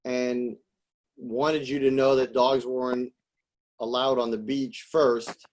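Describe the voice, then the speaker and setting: A man's voice: medium pitch, flat delivery, darkish tone, low-quality recording. A man on a town board puts questions at a public meeting in a mid-range voice. He halts and trips over his words, with a faint hiss of noise behind him. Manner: halting, stumbles over words. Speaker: town selectman.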